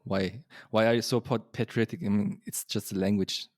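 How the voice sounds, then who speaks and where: Chatty podcast host, dry close sound. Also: male voice, fairly low pitch, steady tone, normal speed, no echo. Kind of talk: casual interview chat.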